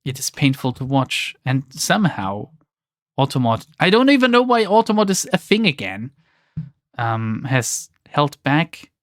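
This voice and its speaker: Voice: mid-range voice, very animated, measured pace, no echo, clean studio sound. A streamer giving casual let's play commentary in an exasperated, sarcastic tone, often swearing.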